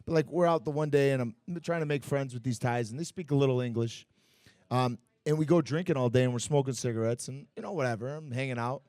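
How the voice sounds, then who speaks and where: In a casual podcast interview at a bar and grill, a Muay Thai fighter tells stories animatedly, cursing and using plenty of fillers. His medium-pitched voice is quick, with no echo.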